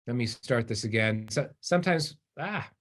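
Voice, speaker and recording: A middle-aged man giving a conference keynote, telling stories with lively acted-out quotes. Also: mid-range voice, moderate pace. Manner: animated storyteller, acts out voices in quotes. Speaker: keynote speaker.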